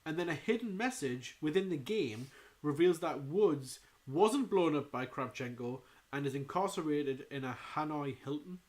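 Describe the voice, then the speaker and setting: Man, slightly high voice, chatty, jokey podcast co-host. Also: lively intonation, darkish tone. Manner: chatty, jokey, quick asides. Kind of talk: casual chat.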